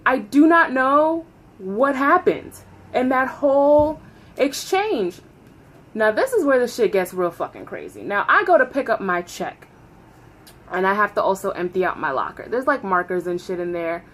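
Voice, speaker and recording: A woman in her thirties telling a story on her vlog, animated and profane, often laughing. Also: a little high, normal speed. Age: 30s. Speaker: vlogger.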